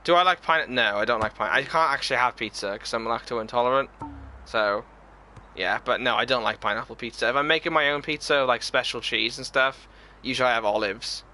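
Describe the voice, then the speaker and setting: A man's voice: mid-range voice, a little fast, pushed and bright. A man chatting casually on a live game stream, reading viewer comments aloud and answering them. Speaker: gaming streamer.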